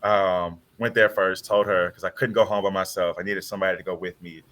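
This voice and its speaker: A man with a low voice tells a personal story on a video-call panel. His tone is bright and forceful. He speaks earnestly and with feeling, often acting out what others said. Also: fairly even intonation, a little fast. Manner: earnest, heartfelt retelling with quoted dialogue.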